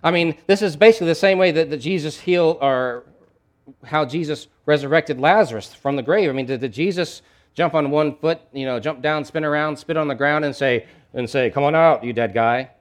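A man's voice: fairly high pitch, fairly quick. A man preaching a sermon in a conversational, emphatic way, with asides and frequent restarts. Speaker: pastor.

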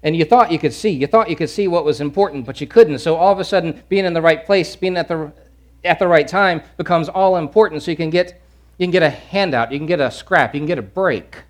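A man from Louisiana preaching a sermon, animated and emphatic, with lots of repetition. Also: on the high side, fast talker. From Louisiana, USA.

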